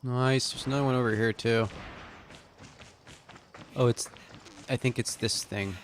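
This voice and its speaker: A man streaming a game late at night, talking to himself in a relaxed, muttering way and sounding sleepy. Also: medium pitch, measured pace, a little hiss or hum. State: sleepy, yawning. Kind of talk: casual gameplay commentary.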